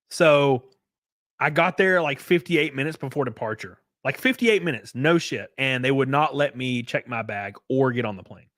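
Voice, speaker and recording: A man's voice: medium pitch, fairly bright tone, no room sound, clean studio sound. A man casually telling stories on his livestream, laid back and swearing freely. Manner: profane, laid-back storytelling. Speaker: streamer.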